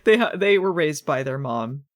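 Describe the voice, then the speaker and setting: A woman's voice: low voice, expressive, moderate pace. Chatty woman podcaster laughing a lot. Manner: chatty, laughs often, many "like" fillers. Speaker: podcast co-host. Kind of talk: casual chat recapping a TV episode.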